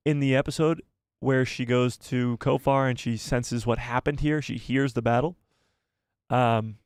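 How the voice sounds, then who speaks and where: A man's voice: mid-range voice, no echo, studio quality. A man hosting a casual live stream, reading out viewer messages and chatting back to them by name, laughing often, on a headset mic.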